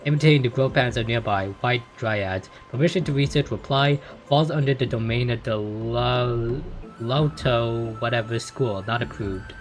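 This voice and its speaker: A man's voice: mid-range voice, moderate pace. A young man playing a story game, reading its text aloud and reacting bluntly with casual swearing. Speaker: gamer playing through a story. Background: game music.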